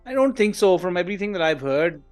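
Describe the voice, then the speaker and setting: Male podcast panelist, frank and critical, slightly high voice. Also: sing-song, fast, faint music behind. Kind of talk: casual podcast discussion.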